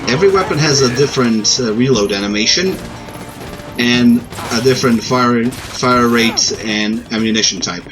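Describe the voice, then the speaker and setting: A man's voice: medium pitch, normal speed, music in the background, poor audio. A man giving casual gameplay commentary as a game reviewer, hesitant and often stammering and restarting his sentences.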